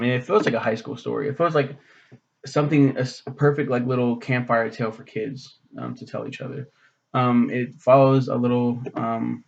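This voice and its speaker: Gravelly, rambling, profane young vlogger man. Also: mid-range voice, highs cut off. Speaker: book reviewer. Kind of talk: casual vlog review.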